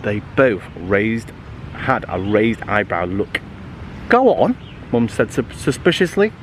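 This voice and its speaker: A man reading a children's book aloud in a lively, playful way, adding little asides and the odd slip. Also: on the low side, unhurried, a little hiss or hum. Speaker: storybook reader.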